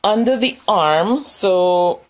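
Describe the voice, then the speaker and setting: A woman's voice: mid-range voice, animated, slow pace. A woman giving a casual, conversational lesson, demonstrating tapping points with her hands and chuckling now and then. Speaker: wellness instructor. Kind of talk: casual instructional talk.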